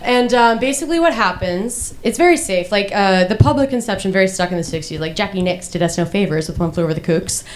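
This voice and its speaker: A woman's voice: mid-range voice, fast talker, few pauses. A young woman performing a stand-up monologue, rambling and profane, full of "like" fillers and restarts, darkly mocking herself. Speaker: comedian.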